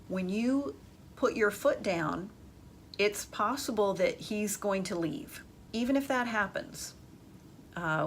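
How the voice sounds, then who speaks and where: A woman talks through dating advice in a podcast monologue. Her voice sits in a middle register. She speaks emphatically but keeps a casual, conversational feel as she turns to her listeners. A faint background hum runs underneath. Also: mid-range voice.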